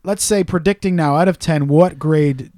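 A young man co-hosting a casual chat, telling stories excitedly, swearing freely and easily wound up. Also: a little high, normal speed, no room sound, studio quality. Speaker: podcast co-host.

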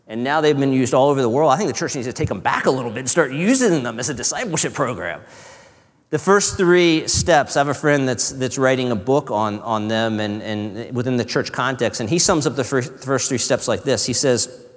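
Earnest pastor in a reverberant hall. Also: male voice, mid-range voice, fairly quick. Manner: earnest, conversational, sometimes hushed. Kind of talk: sermon.

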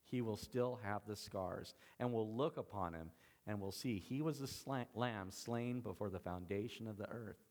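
A man's voice: on the low side, moderate pace, darkish tone, long reverb tail. A man preaching a sermon as pastor, in an earnest, emphatic way with repeated phrases.

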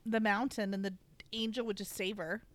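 A woman's voice: mid-range voice, fairly even intonation, moderate pace, dry recording. A woman chatting casually about a book, joking around and swearing playfully.

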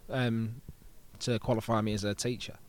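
A young adult man, hosting a casual pub chat with quick, crude, joking banter. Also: fairly low pitch, little pitch movement. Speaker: podcast host.

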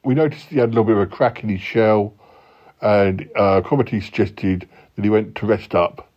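A man putting on a gruff yeti uncle. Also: steady tone, normal speed, muffled recording, lightly acted. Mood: rambling. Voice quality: gruff, low and manly. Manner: waffly, full of fillers and restarts.

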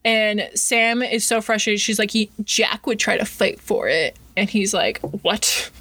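A woman's voice: mid-range voice, measured pace, pushed and bright, no room sound. A woman casually recapping a book's plot on a podcast, full of "like" and acted-out quotes. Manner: chatty, filler-heavy retelling with voiced quotes. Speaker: podcast co-host recapping a book. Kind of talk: casual chat.

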